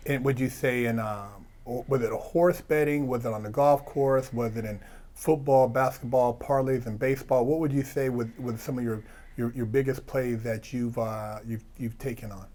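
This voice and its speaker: Homem, entrevistador, perguntas hesitantes, reações curtas como "nossa, cara". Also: male voice, medium pitch, fairly even intonation, moderate pace, a little mellow. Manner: reacts with short exclamations, stumbling questions. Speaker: interviewer. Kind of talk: casual interview.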